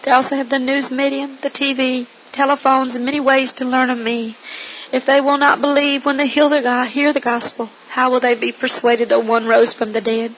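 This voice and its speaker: A woman's voice: high voice, level tone, moderate pace, a bit bright, slight background noise, low-quality recording. A woman reading the solemn, grave words of a stern yet loving male divine figure.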